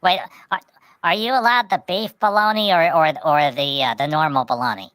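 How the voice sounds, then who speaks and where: A woman's voice: low-pitched, moderate pace, fairly bright tone, no echo. A woman telling a rambling anecdote in casual podcast chat, often restarting with repeated words. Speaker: storyteller on a podcast.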